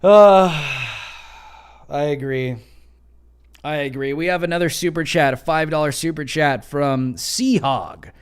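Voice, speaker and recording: At a measured pace and with a clean tone, a young man runs a casual opinion livestream. His delivery is sarcastic and mocking, loose and full of fillers, and he mimics others in high voices.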